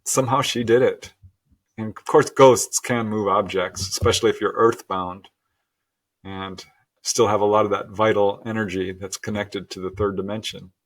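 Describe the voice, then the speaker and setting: A middle-aged man as a guest, telling a personal story earnestly and with animated laughs. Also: lowish voice, moderate pace. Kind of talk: storytelling interview.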